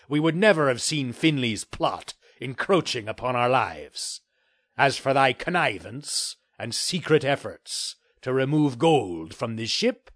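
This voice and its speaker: A man's voice: mid-range voice, a bit bright, no echo, studio quality. A man reading a pirate captain's letter in grand, archaic, flowery language. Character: swaggering, old-fashioned male pirate captain.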